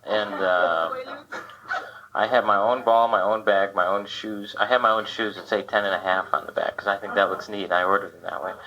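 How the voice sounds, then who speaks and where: A man's voice: fairly low pitch, steady tone, normal speed, pushed and bright. Dry, self-mocking man doing stand-up. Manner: dry, self-deprecating, riffing with the crowd. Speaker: stand-up comedian. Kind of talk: live stand-up comedy set. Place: comedy club stage. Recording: dull lo-fi 1980 live tape with hiss. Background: audience laughter.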